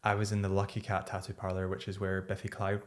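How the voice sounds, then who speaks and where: A man hosting a podcast, chatting in a relaxed way with quick interjections and easy laughs. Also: deep voice. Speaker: podcast host. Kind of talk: casual chat.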